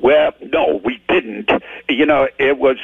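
Gravelly Geordie man on a phone line. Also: medium pitch, slow pace, no room sound. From Newcastle, England. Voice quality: gravelly, husky. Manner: animated, rambling anecdotes with stammers and self-deprecating laughs. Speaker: guest rock singer. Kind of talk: casual interview storytelling.

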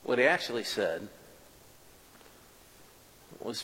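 A man's voice: medium pitch, a little slow, pauses often, fairly bright tone, in a large hall, low-quality recording. A man performing a first-person dramatic monologue as a preacher, telling the story earnestly with self-mocking asides. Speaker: preacher performing a biblical character.

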